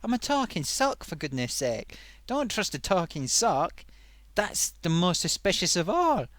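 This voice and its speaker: A man's voice: high-pitched, big pitch swings, unhurried, a bit bright, dry recording, exaggerated voice. A man voicing a chatty, affable male sock puppet who hosts a live stream, rambling playfully and giving friendly advice to viewers.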